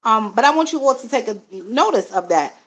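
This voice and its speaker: A middle-aged woman with a somewhat high voice is talking loosely on a live stream. She reads viewers' comments aloud, answers them, calls the viewers family and fills her pauses with "um" and "mm-hmm". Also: expressive, slightly rough, highs cut off. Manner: addresses viewers as family, frequent fillers. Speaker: live-stream host and card reader. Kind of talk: casual live-stream chat.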